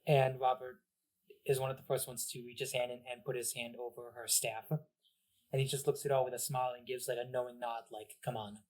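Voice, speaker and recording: A man's voice: medium pitch, level tone, fairly quick, a little mellow. A man narrating as game master of a tabletop game, casual with many fillers. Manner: casual, laughing, filler-heavy.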